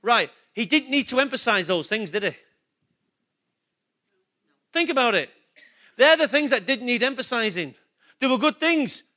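A man's voice: very high voice, bright, forceful tone. A man preaching a sermon, emphatic and repetitive, asking the congregation rhetorical questions. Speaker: pastor.

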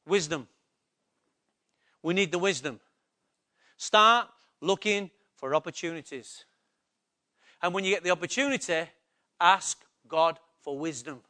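Male preacher, high voice, emphatic sermon delivery, repeats lines, quizzes the congregation. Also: unhurried, long pauses, sharp tone. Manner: emphatic, repetitive, asks the congregation questions. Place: church.

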